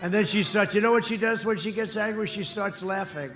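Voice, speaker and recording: Older man, 70s, high-pitched rally speaker, boastful and repetitive, booming echo over faint crowd noise. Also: a little fast. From United States. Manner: boastful, repetitive, swings between shouting and quiet asides. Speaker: political candidate. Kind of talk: campaign rally speech.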